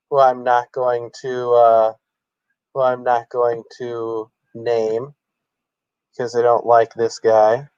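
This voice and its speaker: A man's voice: mid-range voice, a little mellow, clean tone, no echo, dull audio. A man hosting a satirical livestream, speaking in a mock-earnest, theatrically emotional way. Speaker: streamer.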